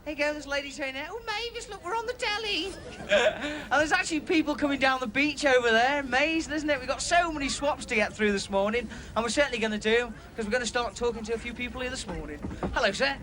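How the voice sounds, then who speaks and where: A man presenting live from a beach, chatting excitably with children about their swaps. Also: very high-pitched, quick pace, few pauses. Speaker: outside broadcast presenter. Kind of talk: lively live interviews on a beach. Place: outdoors on a crowded beach.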